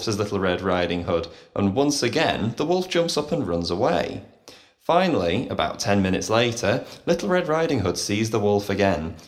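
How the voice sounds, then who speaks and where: Male narrator, low and animated, reading funny short stories. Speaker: storyteller. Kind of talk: scripted story narration for English learners.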